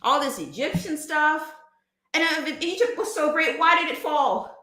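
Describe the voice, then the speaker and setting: A woman's voice: high voice, expressive, normal speed, pushed and bright, reverberant. A woman hosting a livestream, ranting emphatically and firing off rhetorical questions. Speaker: livestream host. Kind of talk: casual livestream rant.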